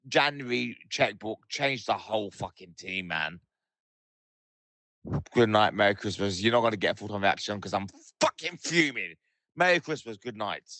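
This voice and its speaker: Man, fuming football voicemail, swearing, low voice, dry sound. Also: animated, moderate pace, fairly bright tone, no room sound. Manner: swearing, furious, in short bursts. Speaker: caller leaving voicemails. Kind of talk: angry football voicemail rant.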